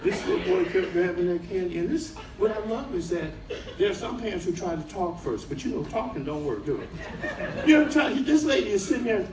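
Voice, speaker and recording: A man doing stand-up comedy to a live audience, animated and bursting into shouted punchlines. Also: sits high, quick pace. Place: cruise ship showroom, live audience. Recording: echoey room, far mic, crowd laughter.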